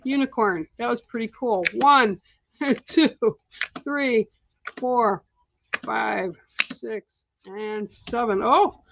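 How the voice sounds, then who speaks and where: A woman's voice: fairly high pitch, drawn-out words, gravelly, long pauses, fairly bright tone, muffled recording, a little hiss or hum. A middle-aged woman hosting a livestream, giving psychic card readings in a blunt, chatty way and laughing often. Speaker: psychic card reader, show host.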